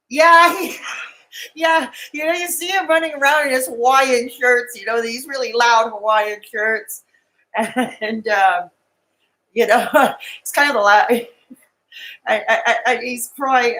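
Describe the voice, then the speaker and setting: A woman's voice: fairly high pitch, a bit bright, rough recording. A woman hosting a live stream, chatting casually and giggling as she rambles and answers comments.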